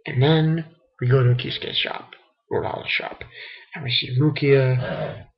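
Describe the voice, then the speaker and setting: A man giving a casual, halting spoken review of a comic chapter, often restarting his sentences. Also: mid-range voice, steady tone, vocal fry, muffled recording. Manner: rambling, halting commentary with restarts. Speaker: manga reviewer.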